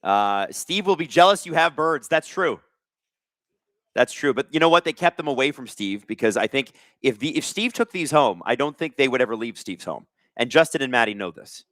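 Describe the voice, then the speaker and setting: A man in his thirties from Canada runs a casual live hockey stream, mixing play calls with jokes and chat shout-outs. His voice is bright and forward, swinging widely in pitch. The sound is dry and close, with little room around it. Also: normal speed, no room sound. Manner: jokey, reads chat aloud, bursts of excitement. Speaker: host of a live hockey watch-along stream.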